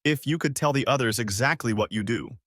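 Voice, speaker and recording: A man's voice: medium pitch, a little fast, a bit bright, no echo, lightly acted. Poised pointed woman, put on by a man, emphatic words, dry close sound. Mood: annoyed. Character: poised woman, serene yet annoyed.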